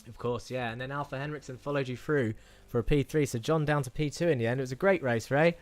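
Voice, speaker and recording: A man's voice: medium pitch, fast. A man with a British accent hosting a live sim racing stream, interviewing drivers, reading chat aloud and calling the race. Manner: chatty, rambling, reads chat messages aloud. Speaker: sim racing host and commentator.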